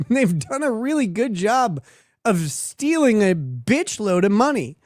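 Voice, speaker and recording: Reading viewer messages on his livestream, this man fires back crude, sardonic jokes and laughs often. His voice is high and sing-song, slow-paced and darkish, with a dry, studio-quality recording. It's casual livestream commentary.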